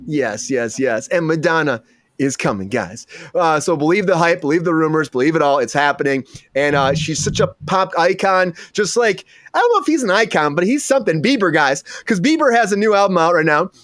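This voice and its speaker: A man hosting a live comedy entertainment news show over a video call, excitable and rambling, repeating words. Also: a little high, a little fast, dry recording, clean studio sound. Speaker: host.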